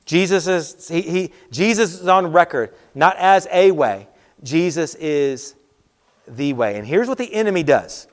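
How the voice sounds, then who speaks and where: High-voiced youth pastor preaching. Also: male voice, animated, measured pace. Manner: conversational, repeats key lines, quotes with acted voices. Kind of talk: youth sermon.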